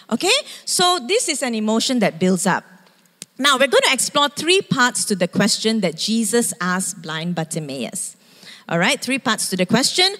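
A woman preaching a sermon, animated and asking her congregation questions, at times acting out shouting. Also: a little high, measured pace. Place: church hall. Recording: reverberant church hall.

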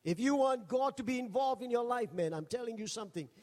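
A high-pitched man preaching from the pulpit, telling funny stories with lively energy. His voice rings out with a long hall reverb around it. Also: fast talker. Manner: jokey, animated, acts out quoted voices. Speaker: pastor. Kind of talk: humorous storytelling sermon.

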